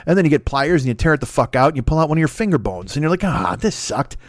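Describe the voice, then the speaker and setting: A man's voice: a little high, animated, racing, no room sound, clean studio sound. A man in his forties hosting a solo comedy podcast, rambling through profane, self-mocking tangents. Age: 40s. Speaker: podcast host.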